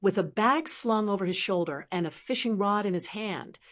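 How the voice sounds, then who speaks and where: A woman giving scripted audiobook narration in an even, measured reading. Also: medium pitch.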